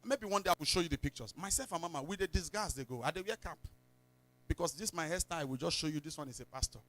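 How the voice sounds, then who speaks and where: Preaching in church, this Nigerian-accented male pastor tells stories, lapses into pidgin, and bursts out in abrupt shouts. His pitch is fairly high and his pace quick.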